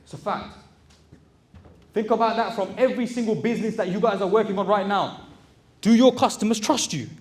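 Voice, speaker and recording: This man's voice sits high, and he speaks fairly quickly but with long pauses. He runs a recruitment business and works as a motivational speaker, and here he delivers a direct, exhorting talk to a live audience, addressing them as brothers.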